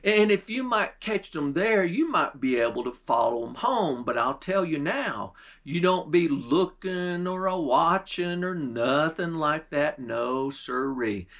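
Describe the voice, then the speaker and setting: A man's voice: on the high side, lively intonation, a little slow, few pauses, fairly bright tone. A man voicing an older country man who gives folksy warnings and advice. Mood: cautioning.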